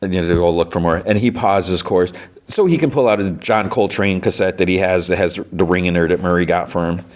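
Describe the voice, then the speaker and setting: A man's voice: deep voice, fairly quick, a little mellow. A man hosting a podcast, casually recapping a TV episode in a rambling way full of fillers. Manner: rambling, filler-heavy with lots of "like". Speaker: podcast host.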